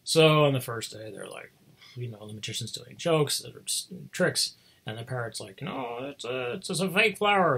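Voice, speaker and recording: Gravelly, husky man rambling through a story. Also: mid-range voice, a bit bright. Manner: meandering, self-deprecating, chuckles often, loses the thread. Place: home, speaking remotely.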